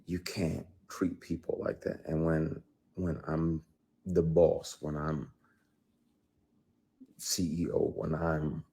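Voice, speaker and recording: A man's voice: extremely low pitch, completely flat delivery, takes it slowly, pauses often, warm tone, husky. A man, an actor, giving emphatic and blunt testimony in an interview, swearing freely as he talks.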